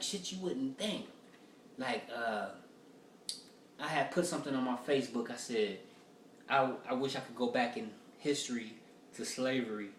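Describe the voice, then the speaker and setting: Profane rambling comedian, echoey room. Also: male voice, mid-range voice, slight background noise. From United States. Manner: loose, profane, rambling storytelling. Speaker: stand-up comedian. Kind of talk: casual stand-up rehearsal. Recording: roomy echo from far off.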